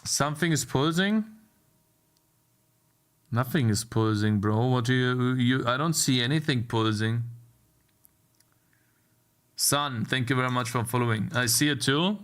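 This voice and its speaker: A young male streamer codes live and mutters at his bugs as he works. He talks slowly and answers his chat in a casual, frustrated way. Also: medium pitch, a bit bright. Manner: frustrated muttering while debugging, talking to chat.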